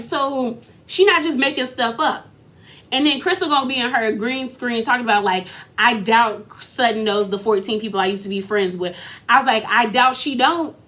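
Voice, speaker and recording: Woman recap host, slightly high voice, sassy slangy delivery. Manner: animated, sassy, slangy retelling with acted-out quotes. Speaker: reality TV recap commentator. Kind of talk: casual recap commentary.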